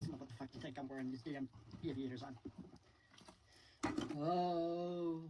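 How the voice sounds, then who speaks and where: A man on a livestream call heckles and teases in a repetitive, sing-song manner. His voice sits a touch high and comes from a distant mic, with a faint hiss of noise underneath. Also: measured pace, pauses often. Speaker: stream panel guest. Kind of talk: mocking banter on a livestream.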